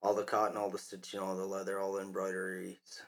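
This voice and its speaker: A man's voice: low voice, completely flat delivery, fast, fairly bright tone. A man hosting a commentary podcast, talking in a scornful, mocking way. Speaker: podcast host.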